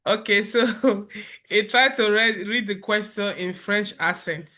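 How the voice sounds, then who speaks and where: A man presenting a software tutorial over a screen recording, explaining step by step in a relaxed way with fillers and restarts. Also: high-pitched, takes it slowly.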